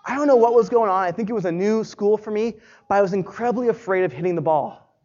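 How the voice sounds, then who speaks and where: A man's voice: high-pitched, fast talker, a little mellow, muffled recording. A man in his thirties preaching a sermon, earnest and encouraging as a pastor.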